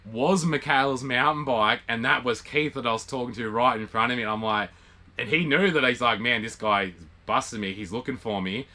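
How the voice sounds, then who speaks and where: A young Australian man casually telling a story, acting out the dialogue with lively, animated quoting. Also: mid-range voice, brisk. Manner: animated retelling with quoted dialogue and laughs. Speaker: vlog co-host.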